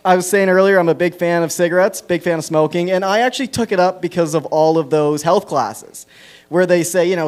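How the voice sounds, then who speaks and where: A man's voice: on the high side, fairly quick, darkish tone. A man with a Canadian accent doing a self-deprecating stand-up set at an open mic, rambling through stories with plenty of fillers. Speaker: stand-up comedian. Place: small comedy venue on stage.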